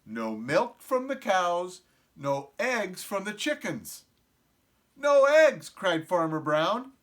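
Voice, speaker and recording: A middle-aged man reading a picture book aloud to preschool children, often stopping to ask them questions. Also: sits high. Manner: slow, animated, asks the children questions. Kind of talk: storybook read-aloud to young children.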